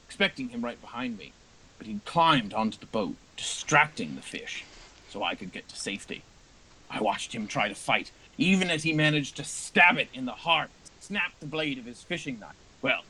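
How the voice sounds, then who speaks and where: A man's voice: medium pitch, bright, forceful tone, slightly rough, full character voice, low-quality recording. A man voicing a dying old bearded man who solemnly tells a story from his youth. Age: older. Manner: slow, grave storytelling.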